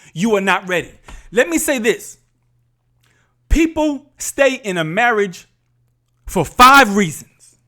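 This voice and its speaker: High-voiced man preaching to y'all. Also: bright, forceful tone. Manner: preachy, emphatic, addresses viewers as y'all. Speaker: podcast host. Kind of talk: candid faith talk to viewers.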